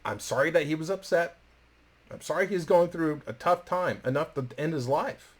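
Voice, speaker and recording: Animated, cursing male storyteller. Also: a little high, moderate pace. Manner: animated, swears freely, acts out quotes. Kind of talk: casual profane storytelling.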